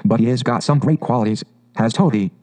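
A man voicing a cheerful, good-natured male water rat from a storybook, talking in a brisk, hearty, chatty way. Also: medium pitch, darkish tone, natural voice, poor audio.

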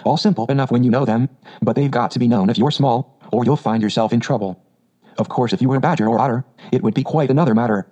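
Storybook water rat, male, calm and sensible, mellow low-toned voice, read by a man, slightly muffled recording. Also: quick pace, close to an everyday voice. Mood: soothing.

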